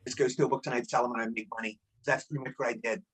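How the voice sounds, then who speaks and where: A man's voice: medium pitch, fairly even intonation, rapid-fire, a bit bright, husky. A man in his sixties, a guest actor telling rambling anecdotes in a casual interview and repeating himself.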